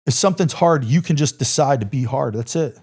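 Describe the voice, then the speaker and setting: Speaking brisk and expressive in a mid-range voice that's a little mellow and slightly rough, a middle-aged ex-Army Ranger shares a war story on a podcast. He's intense and emphatic, repeats phrases, and swears without holding back.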